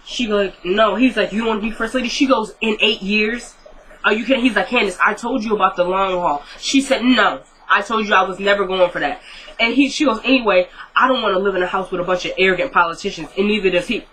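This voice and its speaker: Chatty bright-voiced TV recapper. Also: mid-range voice, a little hiss or hum, poor audio. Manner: retells scenes in quick paraphrased dialogue, chatty and opinionated. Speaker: TV episode recapper. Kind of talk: casual recap of a TV episode.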